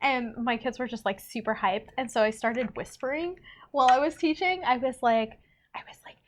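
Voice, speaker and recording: A young woman with a fairly high voice reads a novel aloud to friends. She leans into the dialogue, drawing out lines with lively emphasis. Between passages she slips into easy, chatty talk. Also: normal speed, a little hiss or hum. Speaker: teacher and book-club co-host reading aloud. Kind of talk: casual read-aloud with chat.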